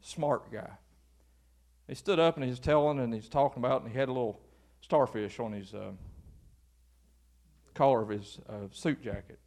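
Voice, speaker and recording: A male pastor preaching an informal, folksy sermon that builds to animated exhortation. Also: medium pitch, moderate pace, long pauses.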